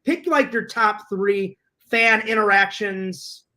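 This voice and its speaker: A woman's voice: mid-range voice, slow pace, pushed and bright. A woman hosting a casual podcast interview, asking long rambling questions with restarts.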